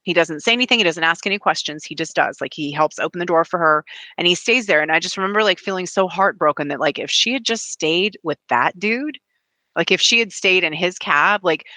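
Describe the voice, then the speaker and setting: A bright-toned woman talking on a podcast, animated and quick to slip into impressions of the people she describes. Her voice is close and dry, with no room sound around it. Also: lowish voice, no room sound. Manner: animated storyteller, mimics voices and accents. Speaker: podcast guest. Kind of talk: casual chat.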